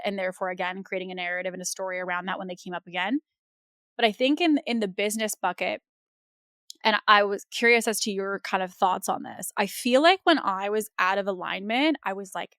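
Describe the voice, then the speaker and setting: A woman hosting a podcast, talking in a casual, animated and rambling way with lots of fillers. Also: mid-range voice, a little fast, dry recording, clean studio sound. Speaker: podcast host. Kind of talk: casual conversational interview.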